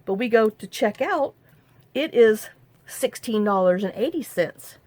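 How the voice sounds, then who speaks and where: A woman's voice: fairly high pitch, animated, unhurried, darkish tone, dry recording. A middle-aged woman, chatting casually while she crafts and telling a long story full of fillers and restarts. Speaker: crafting vlogger.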